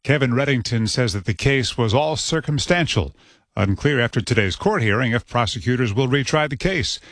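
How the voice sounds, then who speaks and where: A male network news anchor reading a radio newscast with a crisp, measured delivery. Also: medium pitch, lively intonation, fairly bright tone, dry recording, clean studio sound.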